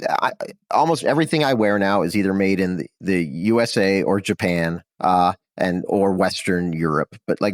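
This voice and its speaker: A man's voice: fairly low pitch, no room sound. A man chatting casually as a podcast guest, rambling with lots of fillers and restarts. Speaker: podcast guest, comedy writer. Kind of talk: casual chat.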